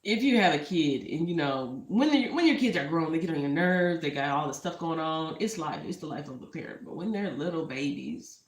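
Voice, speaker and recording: A woman's voice: low-pitched, animated, fairly quick, few pauses. A woman talking casually to the camera as a vlogger. She is heartfelt and a little emotional, and she keeps drifting into asides. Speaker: entrepreneur vlogger. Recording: roomy echo.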